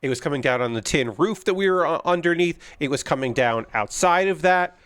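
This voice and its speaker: A man's voice: on the high side, expressive, fairly quick, a bit bright, clean tone. A man hosting a live stream, telling rambling stories with plenty of ums and uhs. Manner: rambling, anecdotal, frequent fillers. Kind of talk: casual storytelling on a live stream.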